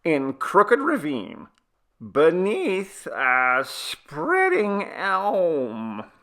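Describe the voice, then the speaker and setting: A man voicing a very old, deaf village grandmother who answers slowly. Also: a little high, wildly swooping pitch, fairly bright tone, voice pushed up, heavily acted. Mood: recalling. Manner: slow, quavering, hard of hearing.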